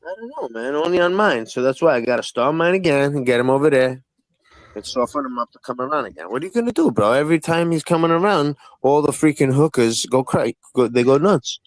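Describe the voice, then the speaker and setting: A man running a casual live-stream panel, firing off profane, needling questions at the others. His voice sits at an ordinary middle pitch. The sound is close and dry, with no room echo. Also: lively intonation, fast.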